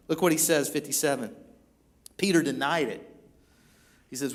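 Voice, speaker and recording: A man preaching a sermon in a church, retelling a story and acting out the quoted lines with lively voices. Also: a little high, moderate pace, pauses often. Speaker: pastor.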